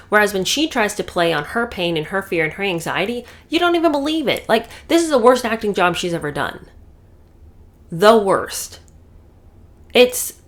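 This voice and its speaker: A woman's voice: medium pitch, fairly bright tone. A woman giving casual, sarcastic commentary, talking animatedly with many fillers and restarts.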